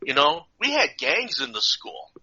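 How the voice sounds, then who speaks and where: Male podcast co-host, animated storyteller, sharp bright voice, slightly high, dull recording. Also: a little slow, slightly rough. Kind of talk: casual storytelling.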